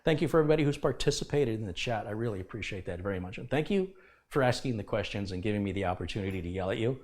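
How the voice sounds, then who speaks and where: A man's voice: lowish voice, lively intonation, very fast, a little mellow. Passionate, emphatic man hosting a livestream. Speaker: livestream host. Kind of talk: casual livestream talk.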